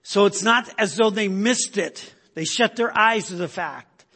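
A man's voice: sits high, measured pace, bright, forceful tone, husky. A man preaching a sermon in an emphatic, conversational way, often checking in with the listeners. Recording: long hall reverb.

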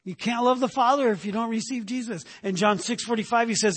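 A man's voice: very high-pitched, brisk, hardly any pauses, a bit bright, slightly rough, big-room sound. A male pastor preaching a sermon, emphatic, often tagging his points with "right?".

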